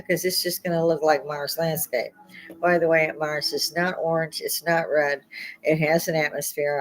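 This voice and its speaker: An older woman hosting a podcast, talking in a rambling, opinionated monologue, salty and quick to laugh at her own jokes. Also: deep voice, rough recording. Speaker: podcast host.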